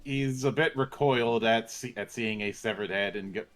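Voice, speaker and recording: A man running a tabletop game as game master, halting and restarting words as he narrates. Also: on the low side.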